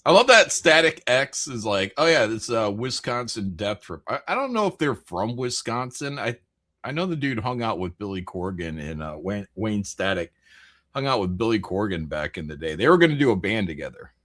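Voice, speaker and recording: A man's voice: lowish voice, big pitch swings, normal speed, fairly bright tone. Joking, rambling male streamer. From American Midwest. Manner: rambling, joking, laughs often, swears casually. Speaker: streamer hosting a live chat stream. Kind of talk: casual live-stream chat, reading chat messages.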